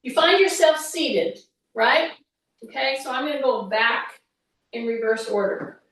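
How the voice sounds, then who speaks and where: High-pitched lady fitness coach talking thru moves, chatty, sounds far off in a really echoey room. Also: expressive, unhurried, fairly bright tone. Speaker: fitness instructor. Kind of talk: workout instruction.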